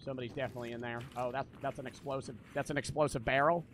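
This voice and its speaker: A man's voice: medium pitch, fairly even intonation, racing, very noisy. A young man streaming a tactical shooter, chatting and joking with a lot of swearing. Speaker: gaming streamer. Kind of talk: live gameplay commentary.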